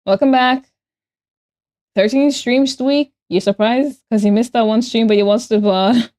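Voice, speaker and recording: Here a young woman with a fairly high, warm voice speaks at normal speed, chatting and giggling playfully with viewers as she draws on stream. It's a studio-quality recording with no room sound.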